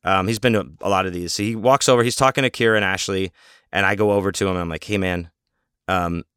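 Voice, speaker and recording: A man's voice: deep voice, fast talker, a bit bright, clean tone, no room sound, clean studio sound. A man hosting a podcast, telling a long story casually in a rambling, profane, self-mocking way. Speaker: podcast host.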